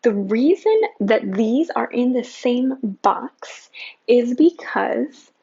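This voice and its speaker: A woman teaching a Spanish grammar lesson, upbeat and patient, repeating examples slowly. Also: a little high, lively intonation, vocal fry, warm tone, husky. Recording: slightly dull lo-fi sound.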